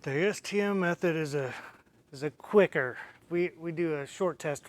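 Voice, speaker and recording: A man co-hosting a casual live-stream chat, relaxed and giving short, easygoing answers. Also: fairly high pitch, moderate pace. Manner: laid-back, short answers, laughs easily. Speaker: co-host, product expert.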